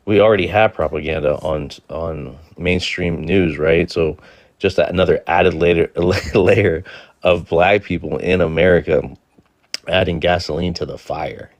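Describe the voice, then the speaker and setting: A man's voice: low-pitched, fairly even intonation, measured pace. A man speaking at an open panel discussion, hesitant at first and searching for words, then pointed and critical.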